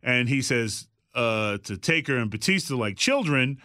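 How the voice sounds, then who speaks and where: A middle-aged man telling a story in a casual, animated way, acting out the voices of the people in it and swearing freely. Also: medium pitch, moderate pace, hardly any pauses, no room sound, clean studio sound. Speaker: guest telling a backstage story.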